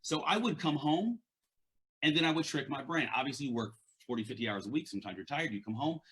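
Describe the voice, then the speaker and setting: A man's voice: medium pitch, animated, quick pace, a bit bright. A man with a stutter giving an earnest, conversational motivational talk as a leadership and mindset coach, often repeating words.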